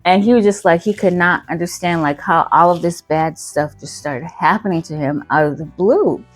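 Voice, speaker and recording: A woman's voice: on the low side, normal speed, no echo, soft background music. A woman hosting her channel, telling a story casually, full of fillers and self-corrections.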